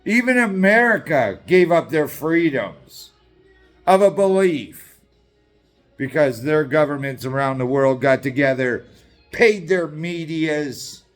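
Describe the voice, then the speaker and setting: A man's voice: a little high, expressive, takes it slowly, faint music behind. A middle-aged man from Canada, ranting in an angry, combative and sarcastic way as a political activist, swearing often.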